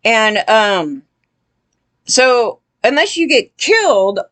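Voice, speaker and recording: A woman's voice: on the high side, sing-song, slow pace, fairly bright tone, no room sound. A woman giving casual, blunt commentary, rambling with lots of fillers and sounding disgusted.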